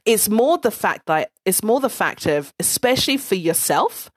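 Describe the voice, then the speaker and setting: Animated blunt woman telling a story. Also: mid-range voice, normal speed, no room sound, studio quality. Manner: animated, blunt, swears freely. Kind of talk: casual storytelling monologue.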